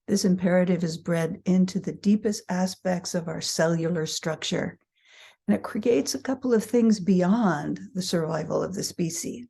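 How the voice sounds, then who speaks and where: Middle aged lady teaching from her own booklet, dark husky voice, chatty and laughs at herself. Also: fairly low pitch, moderate pace. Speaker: human design teacher. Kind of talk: reading her booklet aloud with casual asides.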